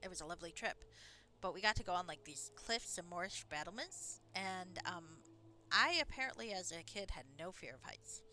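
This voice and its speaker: A woman's voice: fairly low pitch, lively intonation, moderate pace, pushed and bright, a little hiss or hum. A woman streaming a game live, chatting casually in a rambling way and swearing now and then. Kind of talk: casual live gameplay commentary.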